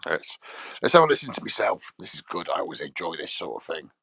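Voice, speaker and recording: A middle-aged man rambles through a live stream, swearing freely and mocking whatever he reads. His voice is gravelly and jumps around in pitch. The sound is dry and close. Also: sing-song, fast talker, bright, forceful tone, no echo.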